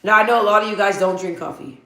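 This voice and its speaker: A woman's voice: medium pitch, steady tone, fast, fairly bright tone, echoey room. A woman hosting a casual live Q&A stream. She is hyper and chatty, laughs often and reads viewer answers aloud. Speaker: livestream host.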